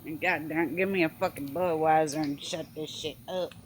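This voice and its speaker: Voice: medium pitch, fairly even intonation, normal speed, slight background noise. A speaker on a live stream heckling bluntly and swearing freely. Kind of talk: casual live stream chat.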